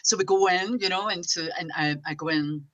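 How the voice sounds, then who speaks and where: Woman, psychic medium guest, chatty and animated, lowish pitch, bright forceful tone. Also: brisk, muffled recording. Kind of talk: casual interview chat.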